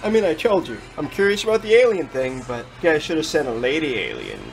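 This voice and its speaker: An artist and protester talks in a high-ish, very animated voice with vocal fry and a quick pace, mixing casual banter with confrontational protest footage where he swears when angry. The recording is rough, with soft music in the background.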